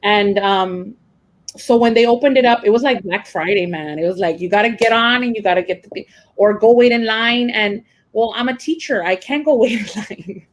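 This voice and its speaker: A woman's voice: mid-range voice, moderate pace, low-quality recording. Woman, teacher, rambling emotional chat, lots of fillers. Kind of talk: casual personal account.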